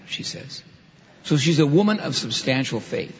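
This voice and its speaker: A male preacher reads a scripture passage aloud and then explains it with emphatic asides. His pitch moves widely as he leans into key lines. The sound is dull and muffled, with long reverb hanging in a large church hall. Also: lively intonation, moderate pace. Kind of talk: sermon with scripture reading.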